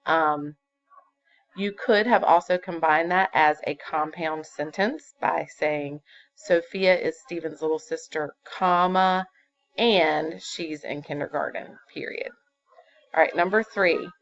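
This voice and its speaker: A woman's voice: low voice, slow. A woman teaching a fifth-grade grammar lesson, patient and explaining step by step with fillers. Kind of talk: recorded classroom grammar lesson. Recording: dull lo-fi computer recording.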